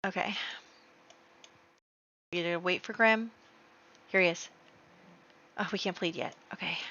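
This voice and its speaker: A woman hosting a casual gameplay video, excitable and full of exclamations as she talks to her viewers. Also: on the low side, unhurried, highs cut off. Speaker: let's play host.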